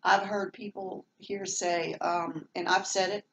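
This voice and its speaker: A middle-aged woman with a Southern American accent rambles casually at length in a meandering home vlog, full of fillers and restarts. Her lowish, creaky voice keeps a steady tone and measured pace, with slight background noise and poor audio.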